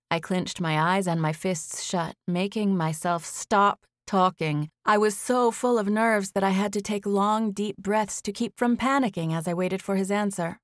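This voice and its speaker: A woman narrating an audiobook in the first person with intimate, steady storytelling from a recording booth. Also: medium pitch, moderate pace, few pauses, no echo, clean studio sound.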